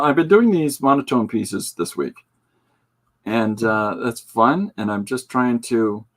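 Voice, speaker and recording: A rambling man with a husky, lowish and fairly bright voice chats casually while showing artwork. He's a comic artist and podcast host, and his talk is full of jokes, fillers and asides.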